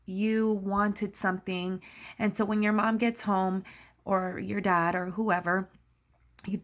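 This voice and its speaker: A woman's voice: medium pitch, fairly bright tone. Patient woman teacher explaining to kids. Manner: patient, explanatory, asks many questions. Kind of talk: recorded lesson for children.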